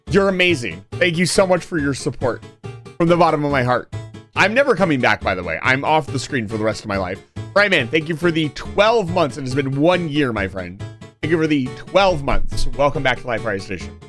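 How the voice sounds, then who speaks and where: A man's voice: on the high side, sing-song, a little fast, fairly bright tone, faint music behind. A young man streaming live, talking casually to his chat and swinging between mock-angry joking and earnest reassurance.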